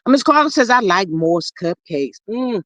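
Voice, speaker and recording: A woman hosting a casual gossip livestream, reading chat comments aloud and drawling slang, swinging between loud calls and low murmurs. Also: animated, normal speed, no room sound, muffled recording. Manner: drawling Southern slang, says child a lot, reads comments aloud.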